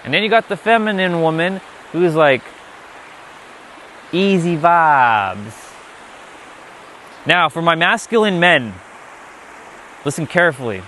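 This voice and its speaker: A man's voice: fairly high pitch, expressive, normal speed, sharp tone, a little hiss or hum. A man giving an unscripted spiritual lesson, blunt and emphatic, often swearing. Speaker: spiritual teacher.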